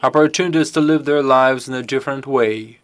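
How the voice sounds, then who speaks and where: A man interpreting a conference Q&A live, halting as he picks his words. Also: mid-range voice, smooth.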